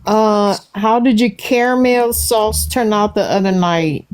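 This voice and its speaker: A woman's voice: mid-range voice, unhurried, darkish tone, faint music behind. A woman with a Cajun accent hosting a casual livestream chat, talking easily and putting questions to her viewers. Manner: chatty, asks viewers questions. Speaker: livestream host.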